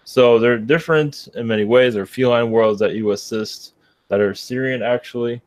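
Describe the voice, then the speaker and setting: A man giving a spiritual channeling reading to callers in a calm, measured way. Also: mid-range voice, no echo.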